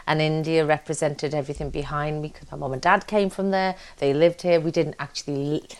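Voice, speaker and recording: Woman, actor, interview guest, low voice, animated storyteller. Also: fairly quick. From Britain. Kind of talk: casual interview chat.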